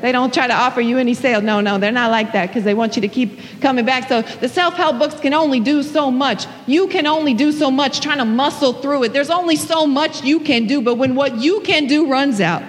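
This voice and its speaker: A woman's voice: high voice, fairly quick, few pauses, a little hiss or hum. A woman pastor preaching an impassioned sermon in a church, often repeating her phrases and breaking into exclamations. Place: church sanctuary. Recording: hall reverb.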